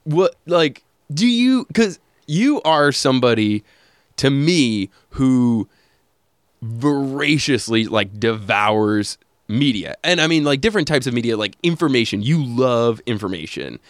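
A man's voice: medium pitch, animated, measured pace, no room sound. Casual podcast host, man, talks on the fly, dry close mic. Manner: rambling, with frequent fillers and laughs. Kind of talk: casual chat.

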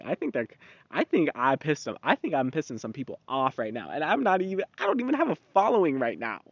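A man's voice: medium pitch, sing-song, normal speed, no room sound. Rambling, profane young man. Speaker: podcast host. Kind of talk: casual podcast monologue. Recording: dull, dry lo-fi recording.

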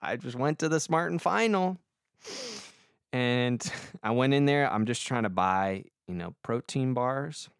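Young male podcast host, rambling and profane, smooth clear voice, dry close sound. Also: medium pitch, unhurried, no room sound. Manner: rambling, swears a lot, self-deprecating. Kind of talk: casual comic monologue.

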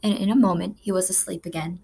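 A woman reading a children's novel aloud as a narrator, with measured, expressive storytelling. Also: fairly low pitch, creaky, husky. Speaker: audiobook narrator. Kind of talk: scripted narration.

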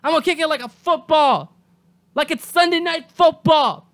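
A host delivers a solo podcast rant in a notably high voice. The talk is angry and full of swearing, with sudden shouted outbursts. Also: normal speed. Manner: angry, profane ranting with shouted bursts.

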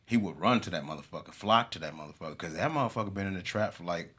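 A man, talking in casual chat with animated street slang and profanity. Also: low voice, racing, slightly rough.

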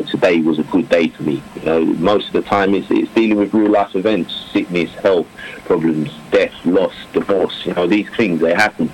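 A man with a very deep voice talks through his cricket career in a relaxed interview. He rambles, circles back, and fills gaps with "you know" and "um", sometimes breaking into a laugh. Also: slight background noise, poor audio. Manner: rambling, many fillers and restarts, warm laughter. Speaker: professional cricketer, now coach.

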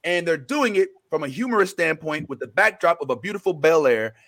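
A man hosting a casual pop-culture talk show, rambling through restarts and fillers and getting animated when he retells scenes. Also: fairly high pitch, brisk. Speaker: show host.

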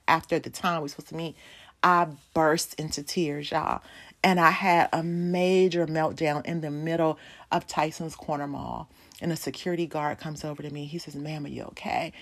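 A woman in her forties giving a sermon testimony, telling a personal story and speaking to the congregation as "y'all". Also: low-pitched. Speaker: pastor's wife preaching.

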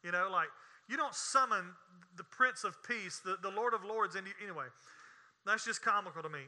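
A man's voice: high voice, normal speed, sharp tone. A man preaching a sermon in a folksy, emphatic way, with scornful asides. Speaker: pastor.

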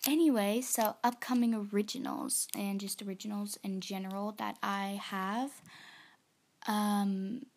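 Slow-talking chatty young woman. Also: medium pitch. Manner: chatty and rambling, with frequent fillers and laughs; nervous and excited. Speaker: aspiring singer-songwriter. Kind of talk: casual vlog chat.

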